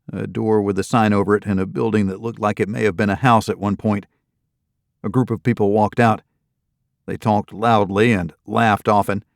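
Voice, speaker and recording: A man narrating a first-person thriller audiobook in a steady, matter-of-fact reading. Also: fairly low pitch, creaky, no echo, clean studio sound.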